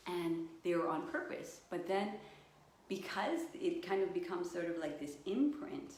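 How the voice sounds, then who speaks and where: A woman yoga and meditation coach guiding a live session, slow and soothing, with playful acted-out voices. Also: on the low side, animated, darkish tone. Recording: echoey room, distant mic, faint noise.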